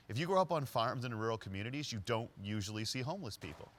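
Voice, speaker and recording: Brief: man at mid pitch, leadership speaker telling a story, animated and vivid. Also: quick pace, hardly any pauses. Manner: lively storytelling that acts out quoted voices. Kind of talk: storytelling talk.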